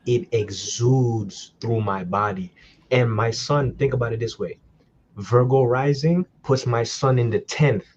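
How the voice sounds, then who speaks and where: A man's voice: medium pitch, unhurried, a little hiss or hum. Young New York man explaining, muffled. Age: young adult. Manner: steady explanatory talk with New York slang. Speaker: podcast guest. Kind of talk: casual astrology chat.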